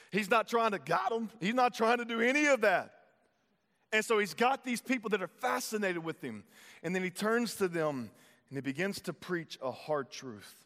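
A man's voice: sits high, a bit bright. Male preacher with hall reverb. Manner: conversational preaching with playful asides and acted-out voices. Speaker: pastor. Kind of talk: sermon.

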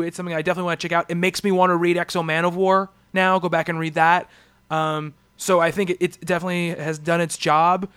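A man's voice: a little high, fairly bright tone, smooth, no room sound. A man co-hosting a comics podcast in casual chat, rambling with frequent ums and restarts. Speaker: podcast co-host.

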